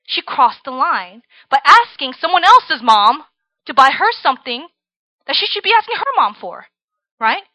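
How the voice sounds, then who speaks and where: A woman's voice: high voice, sing-song, normal speed, sharp tone, dry recording, rough recording. A young woman from Virginia giving a casual, chatty sermon to students, often tagging her points with "right?". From Virginia, USA. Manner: chatty, tags lines with "right?" and "like". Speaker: preacher.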